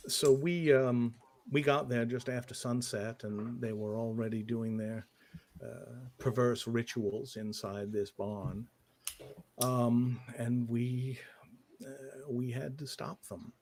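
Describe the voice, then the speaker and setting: A man playing a guilt-ridden occult investigator in a tabletop game, telling his story in halting, hesitant bits. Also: mid-range voice, steady tone, darkish tone, a little hiss or hum. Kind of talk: in-character tabletop role-play.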